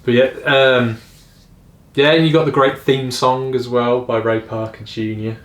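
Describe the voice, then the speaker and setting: In an echoey room, a young podcast co-host talks films casually, wandering off on tangents and laughing a lot. He speaks at a measured pace with a medium-pitched, steady voice.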